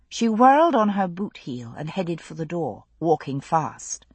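Woman narrator for a novel: expressive storytelling, husky tone, dry studio sound. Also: on the low side, a little slow, hardly any pauses, no echo. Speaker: audiobook narrator.

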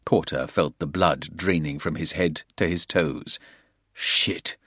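As an audiobook narrator, a man reads a violent thriller aloud in a dramatic storytelling voice for scripted thriller narration. His voice is very deep, unhurried and fairly bright, recorded at studio quality with no room sound.

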